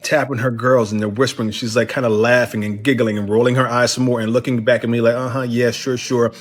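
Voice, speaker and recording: A man from Cincinnati, Ohio, telling a comedic bar story in an animated way and acting out the voices of others. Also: mid-range voice, fast, soft background music.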